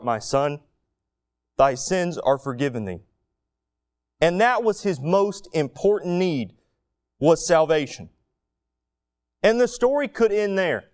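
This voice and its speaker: A man's voice: high-pitched, clear, resonant tone. A man preaching a sermon, telling the story vividly and acting out people's inner thoughts. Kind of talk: expository sermon.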